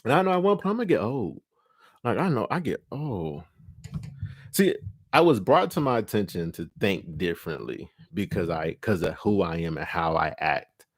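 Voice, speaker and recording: A man hosting a live stream, talking casually and profanely, animated and laughing often as he acts out scenes. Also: low-pitched, normal speed, husky, no room sound, clean studio sound. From California.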